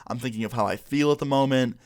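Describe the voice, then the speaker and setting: A man's voice: medium pitch, quick pace. A young man casually telling a story in a laid-back, slangy way, full of "like" and "you know.". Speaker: vlogger.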